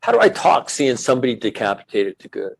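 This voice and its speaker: A man's voice: mid-range voice, very animated, gravelly, breathy edge, rough recording. A middle-aged man who is a military veteran, talking earnestly and reflectively in a casual podcast conversation. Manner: earnest, reflective, speaks in measured phrases.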